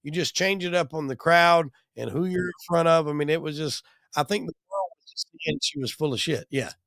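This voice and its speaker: Podcast host dude, blunt and cussing, slightly high voice, dry close mic. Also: male voice, brisk, gravelly, a bit bright, no room sound. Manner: blunt, profane opinions. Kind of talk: casual podcast talk.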